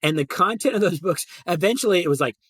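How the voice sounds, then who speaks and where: A man's voice: high-pitched, expressive, fast talker, slightly rough, no echo, studio quality. A middle-aged man co-hosting a podcast, chatting casually in a rambling way with lots of fillers. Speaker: podcast co-host. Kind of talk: casual chat.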